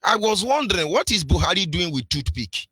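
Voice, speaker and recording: A man's voice: high voice, sing-song, fairly quick, pushed and bright, slightly rough, no echo. A man with a Nigerian accent giving impassioned political radio commentary, preachy, firing off rhetorical questions and sing-song emphasis. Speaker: radio presenter.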